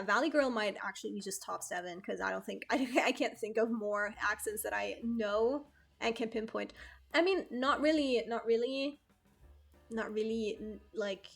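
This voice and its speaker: A young woman streamer chats casually with her viewers and the live chat, rambling, correcting herself and laughing often. Her fairly high voice is a bit bright and husky.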